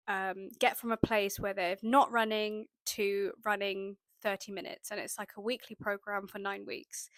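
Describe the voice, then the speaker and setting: A young woman from the UK telling a personal story in a chatty, animated way, acting out her own thoughts as she goes. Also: medium pitch, dry recording, clean studio sound. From United Kingdom. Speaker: manifestation vlogger. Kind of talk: casual storytelling to camera.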